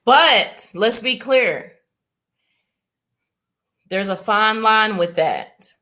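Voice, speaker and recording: A woman co-hosts a casual podcast chat, laying out advice to a friend in an emphatic, preachy way. Her voice is bright and ringing, at an ordinary middle pitch. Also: animated, extremely slow. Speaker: podcast co-host.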